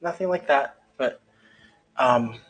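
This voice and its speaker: A man voicing a shy, insecure young woman who speaks softly and stammers. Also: medium pitch, slow pace, pitched above the performer's own voice. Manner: soft-spoken, stammering.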